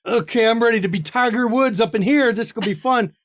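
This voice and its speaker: A man's voice: very high-pitched, a little fast, fairly bright tone, pitched above the performer's own voice. A man game master voicing a swaggering, bow-legged male vampire who flirts crudely, with a brash, teasing drawl. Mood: cocky. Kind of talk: tabletop role-play voicing.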